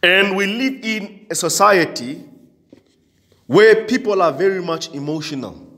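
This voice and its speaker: A man's voice: high-pitched, unhurried, fairly bright tone. A male pastor preaching a sermon with emphasis, repetition and frequent amens, in a church. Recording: long church hall reverb.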